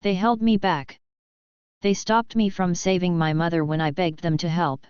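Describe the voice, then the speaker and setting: A woman's voice: on the low side, steady tone, moderate pace, darkish tone, clear, resonant tone, no room sound, natural voice. A woman reading a story, voicing a furious, bitter young man who has turned to darkness, on a dull lo-fi recording. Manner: angry, bitter.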